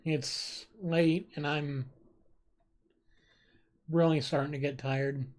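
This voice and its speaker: Slow-talking, giggly live streamer. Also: medium pitch, fairly even intonation, a little mellow. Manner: giggly, reacts with frequent laughter. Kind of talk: casual live-stream chat, reading viewer jokes.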